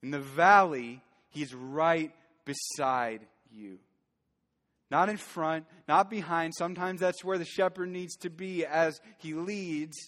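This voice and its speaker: A man's voice: a little high, slow, a bit bright. Earnest male pastor in a reverberant hall. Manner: earnest, rising to fervent emphasis. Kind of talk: sermon. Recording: long church hall reverb.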